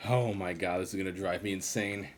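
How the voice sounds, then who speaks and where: A man's voice: low voice, steady tone, a little fast. A man streaming live gameplay commentary, grumbling in an exasperated, sarcastic way.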